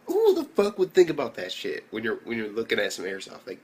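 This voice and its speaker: Excitable young man ranting casually. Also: fairly low pitch, a little fast, hardly any pauses, slight background noise. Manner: excitable, slangy, heavy swearing. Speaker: anime reviewer. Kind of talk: casual video review.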